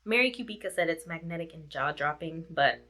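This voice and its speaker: A woman's voice: low voice, animated, brisk, pushed and bright. A woman reviewing a book in a casual vlog chat, repeating herself and laughing often. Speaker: book vlogger.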